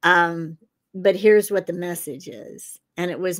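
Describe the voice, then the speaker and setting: A woman's voice: fairly low pitch, level tone, unhurried. A woman who is a psychic detective and author, telling a long story in a casual interview over a video call, circling back with fillers as she goes.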